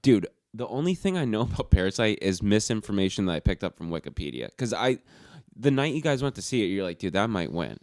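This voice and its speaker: Hesitant low-voiced man, casual chat. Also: very animated, quick pace, a little mellow, dry recording, clean studio sound. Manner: hesitant, stammering restarts, swears. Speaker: podcast co-host.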